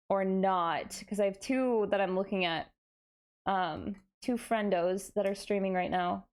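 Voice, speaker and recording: A young woman streaming live, chatting playfully with her viewers, tired and giddy late at night and poking fun at herself. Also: mid-range voice. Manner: playful, self-mocking, reads chat aloud and answers it. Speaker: VTuber streamer.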